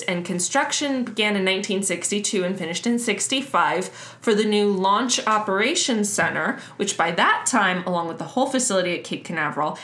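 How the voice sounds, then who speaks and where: A woman's voice: fairly low pitch, fairly bright tone. A woman co-hosting a podcast, explaining history in a loose, chatty way with lots of fillers. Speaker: podcast co-host. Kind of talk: casual history chat. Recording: roomy echo.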